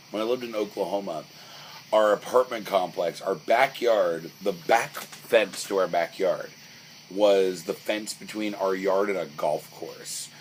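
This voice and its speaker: A man's voice: low voice, low-quality recording. A young man chatting casually on a podcast, rambling through stories with lots of fillers and restarts. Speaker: podcast co-host. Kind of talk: casual chat. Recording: faint background noise.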